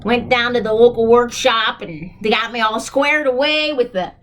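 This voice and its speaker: A woman with a high voice tells a casual first-person story. She rambles, repeats herself and restarts her lines, and she keeps an earnest, plain-spoken tone throughout. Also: normal speed, fairly bright tone, slight background noise.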